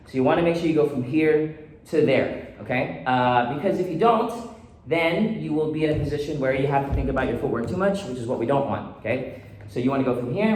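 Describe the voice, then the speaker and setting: A man's voice: medium pitch, animated, brisk, a little mellow. A man teaching dance choreography, counting beats and calling out steps in rhythm. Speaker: dance instructor. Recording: echoey room with faint noise.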